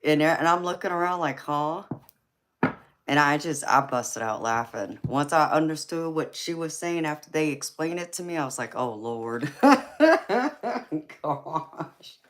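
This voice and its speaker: A woman's voice: deep voice, moderate pace, fairly bright tone. A woman with a Georgia Southern accent chats easily with her viewers, laughing often. She calls them honey and girlfriend and keeps a friendly, talkative flow. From California. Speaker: livestream tarot reader. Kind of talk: casual live-stream chat with viewers.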